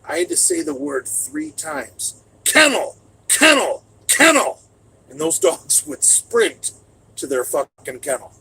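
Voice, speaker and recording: Gravelly, profane man telling stories. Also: on the high side, big pitch swings, measured pace, slight background noise, low-quality recording. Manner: loud and profane, bursts into shouts. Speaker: streamer answering chat. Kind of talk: casual storytelling chat.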